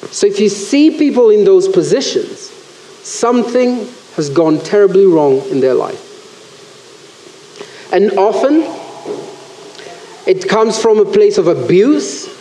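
A man preaching a sermon in church, animated and acting out the voices he quotes. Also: high-pitched, slight background noise. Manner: animated, acts out quoted voices, self-correcting. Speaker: pastor. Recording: roomy church echo.

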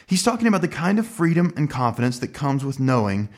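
A man preaching a sermon in an earnest, emphatic way, slowing down to stress key words. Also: on the high side, big pitch swings. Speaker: pastor.

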